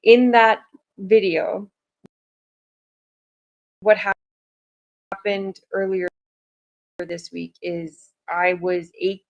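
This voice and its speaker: A woman's voice: mid-range voice, little pitch movement, very slow, vocal fry, pauses often, highs cut off. A woman talking casually to her viewers, chatty and rambling, with lots of "like" fillers. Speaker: vlogger. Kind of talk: casual chat to camera.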